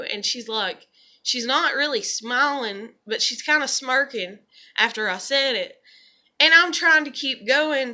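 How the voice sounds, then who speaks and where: A young woman rambles to camera in an animated, unplanned vlog monologue, her speech full of "you know" and restarts. Her voice sits a little high and sounds bright and forceful. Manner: animated storyteller, filler-heavy, lots of "you know". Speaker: vlogger.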